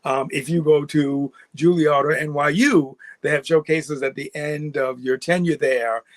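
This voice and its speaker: A middle-aged man from New York, a guest actor telling his story in a relaxed, rambling way and laughing often. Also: on the high side, a little slow, no room sound. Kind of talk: casual interview storytelling.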